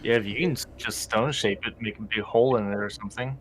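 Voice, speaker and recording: A man's voice: on the low side, fairly even intonation, fast, a little hiss or hum. A man playing in a tabletop game, easygoing and offering suggestions to the group. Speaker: player. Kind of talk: casual chat at a tabletop game.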